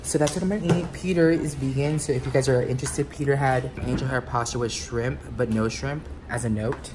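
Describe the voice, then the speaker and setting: A man talking casually to the camera for his vlog, chatty and bursting into excited outbursts now and then. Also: medium pitch, brisk. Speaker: vlogger. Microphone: lapel mic. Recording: noisy background ambience.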